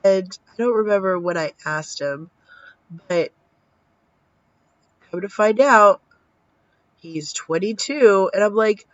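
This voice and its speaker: This thirtysomething vlogger speaks slowly in a mid-range voice, leaving long pauses and no echo. She's running on little sleep but still animated as she tells her story, performing the quoted lines and cursing casually. Audio quality is dull and lo-fi.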